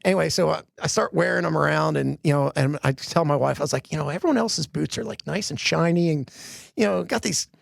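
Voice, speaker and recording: A middle-aged man from the Philadelphia area with a heavily gravelly, fairly high voice, chatting in an interview and telling anecdotes with lots of "you know" fillers. He is recorded up close, dry and without room sound. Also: fast, no echo. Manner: chatty, many "you know" fillers, acts out quoted dialogue. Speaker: arena president and general manager. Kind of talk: casual interview storytelling.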